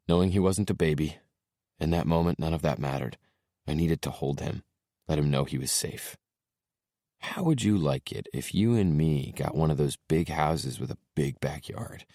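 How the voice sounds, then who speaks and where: A man narrating an audiobook in a soft, subdued way, dropping his voice low for tender moments. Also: dry recording, clean studio sound.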